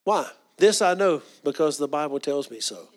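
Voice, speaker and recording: A man's voice: on the high side, animated, normal speed. Earnest, folksy man preaching a sermon. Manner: folksy, earnest, with asides and restarts; drops to a soft hush for quoted inner prayers.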